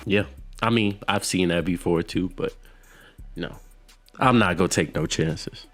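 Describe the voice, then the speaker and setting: A man's voice: low-pitched, measured pace, faint music behind. A man co-hosting a casual movie review chat who laughs often and acts out lines from the film. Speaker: podcast co-host.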